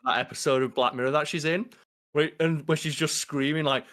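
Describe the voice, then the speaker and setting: A man co-hosting a podcast in casual chat, animated and swearing freely as he acts out quoted lines. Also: on the high side, fairly quick. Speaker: podcast co-host.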